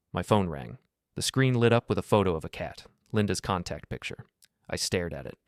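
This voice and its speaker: Low dry male narrator for a first-person drama story, steady and measured. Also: dry recording.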